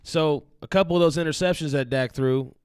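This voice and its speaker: Calm man with a smooth, dry voice. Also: on the high side, brisk, no room sound. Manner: calm, even-toned, reads out viewer comments. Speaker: co-host and producer. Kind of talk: casual sports chat.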